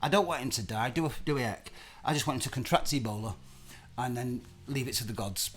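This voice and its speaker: A man's voice: medium pitch, quick pace, a bit bright. A man hosting a live-streamed chat show, talking in a heated, emphatic way and swearing often. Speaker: host.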